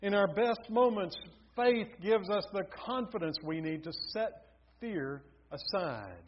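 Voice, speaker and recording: A man's voice: high-pitched, lively intonation, unhurried. A man preaching a sermon, telling stories with building emphasis. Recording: dull lo-fi recording.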